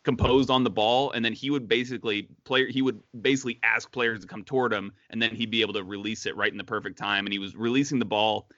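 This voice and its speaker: A man's voice: fairly low pitch, fairly even intonation, fast, hardly any pauses, bright, forceful tone, no echo, lo-fi sound. A man co-hosting a casual sports podcast, chatty, with many fillers and restarts. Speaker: podcast co-host.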